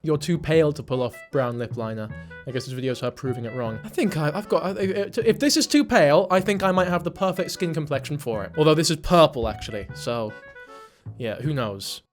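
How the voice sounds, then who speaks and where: A man with a notably high-pitched voice rants through reaction commentary, swearing freely and sounding exasperated. Faint music plays underneath him. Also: animated, a little fast. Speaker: commentary YouTuber.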